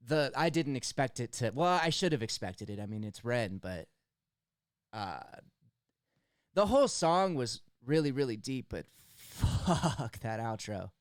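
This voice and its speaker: A man's voice: mid-range voice, big pitch swings, clear, resonant tone, no room sound, studio quality. Earnest young man choking up. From United States. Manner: earnest, halting, stumbles over words. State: emotional, near tears. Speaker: music reaction host. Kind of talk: emotional song analysis.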